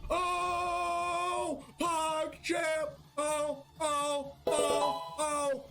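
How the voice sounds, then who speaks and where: A man streaming a card game, reacting excitably, often shouting and laughing as he plays. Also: extremely high pitch, drawn-out words, soft background music. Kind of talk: live gameplay commentary.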